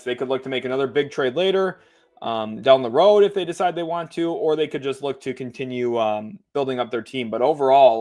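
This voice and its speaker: A man giving casual basketball commentary on a stream, talking loosely with fillers and slowing down as he reads lists aloud. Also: mid-range voice, darkish tone. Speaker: sports commentator.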